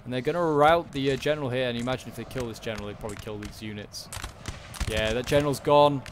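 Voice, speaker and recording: A man's voice: medium pitch, fast talker, noisy background. A man giving casual, rambling commentary over a strategy game battle, full of fillers and self-corrections. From Britain. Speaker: gaming channel host.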